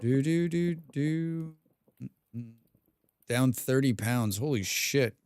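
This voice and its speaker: A man's voice: mid-range voice, slow, a little mellow, a little hiss or hum. A man live-streaming a survival game, reading viewer chat aloud and answering with dry, rambling jokes, humming and mumbling to himself in between.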